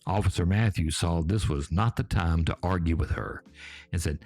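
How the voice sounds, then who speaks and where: A man in his seventies with a Georgia accent telling folksy tales in an unhurried way, talking straight to his listeners. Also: low voice, lively intonation, creaky, mellow, faint music behind. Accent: Southern US, Georgia. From Georgia, USA. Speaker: storyteller host. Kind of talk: folksy spoken storytelling. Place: back porch.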